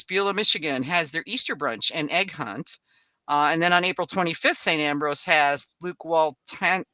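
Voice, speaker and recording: A woman whose voice sits on the low side, pushed and bright, reads a podcast's upcoming-events list in a dry recording. Her casual delivery is brisk, dotted with chatty asides and small laughs.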